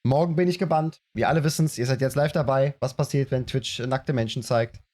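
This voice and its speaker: A man live-streaming a video game, chatting casually and greeting viewers with animated reactions. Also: medium pitch, fairly quick. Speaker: let's play streamer. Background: game music.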